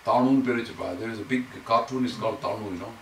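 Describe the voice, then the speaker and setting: A man's voice: mid-range voice, steady tone. A man leads a scripture class, explaining Sanskrit verses word by word. He sounds distant in an echoey room. A faint hiss runs underneath. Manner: explains Sanskrit verses slowly, chanting lines for students to repeat. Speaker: teacher. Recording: echoey room, mic far off, faint noise.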